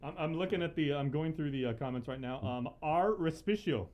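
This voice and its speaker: A man's voice: a little high, fairly quick, darkish tone. A man co-hosting a morning radio show, easygoing as he reads out listener comments. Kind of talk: casual morning show banter.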